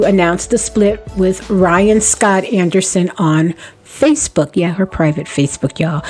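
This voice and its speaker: A woman's voice: medium pitch, darkish tone. A woman hosting a celebrity gossip vlog, sassy and playful, talking straight to her viewers.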